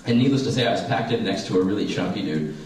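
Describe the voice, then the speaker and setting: A young man in his twenties runs a cheeky stand-up set, his pitch swinging up and down as he mocks himself. The sound is echoey, with a light hiss and the mic far off. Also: lively intonation, fast, darkish tone. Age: 20s. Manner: self-deprecating, profane, bouncy. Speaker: stand-up comedian. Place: small stage at a comedy class show.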